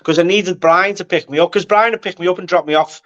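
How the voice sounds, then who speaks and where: High-voiced Liverpool man telling stories. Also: quick pace, highs cut off. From Liverpool, England. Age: 40s. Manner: animated storyteller, checks in with "do you know what I mean". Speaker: guest actor. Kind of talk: casual chat.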